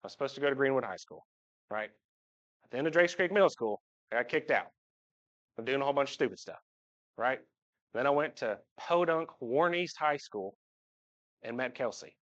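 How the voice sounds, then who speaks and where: A man in his thirties with a drawl speaks from the pulpit, mixing jokes with heartfelt praise for his family. His pitch sits in a middle range, and his voice jumps up when he acts out other people. The live church recording sounds slightly dull. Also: animated, a little fast, pauses often, fairly bright tone. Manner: joking storyteller, voice jumps up when imitating. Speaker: church member speaking to the congregation. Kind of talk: heartfelt personal talk from the pulpit. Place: church sanctuary.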